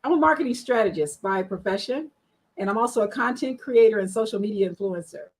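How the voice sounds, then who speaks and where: A woman's voice: mid-range voice, expressive, a little fast, husky, rough recording. A woman guest on an online panel show, chatty and frank, telling her story with many fillers. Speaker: guest, marketing strategist.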